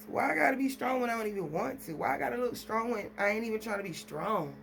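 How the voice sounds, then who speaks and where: A woman's voice: mid-range voice, animated, fairly quick, creaky, few pauses, slight background noise, poor audio. A woman, talking casually and rambling straight to her viewers at home. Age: adult with children. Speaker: vlogger. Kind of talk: casual chat to camera.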